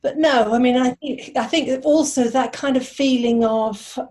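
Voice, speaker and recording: A woman in her sixties from London, a playwright and actress, telling wry anecdotes in an interview with many pauses and fillers. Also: high-pitched, a little mellow. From London, England. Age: 60s. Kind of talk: conversational interview.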